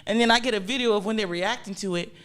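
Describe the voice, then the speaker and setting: A young woman, a guest athlete, telling lively stories in a casual interview, laughing often and acting out what others said. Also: medium pitch, quick pace. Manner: animated storyteller, laughs often, acts out quotes.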